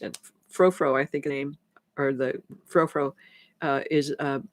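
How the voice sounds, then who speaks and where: A woman's voice: rumbling low, fairly even intonation, a little slow, no room sound. Rambling woman coach on a dry mic. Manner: rambling, frequent restarts, acts out conversations. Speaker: transformation coach. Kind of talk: live-stream talk to viewers.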